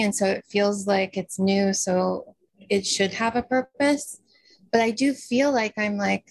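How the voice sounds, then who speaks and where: A woman's voice: mid-range voice, gravelly, no room sound. A woman taking part in a group session who shares a personal experience in a hesitant, searching way and keeps restarting her sentences. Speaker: community member asking a question.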